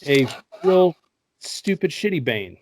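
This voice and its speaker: A man's voice: a little high, big pitch swings, slow pace, noisy background. A man hosting a casual podcast, recapping a movie in a joking, profane way and laughing often. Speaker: podcast host.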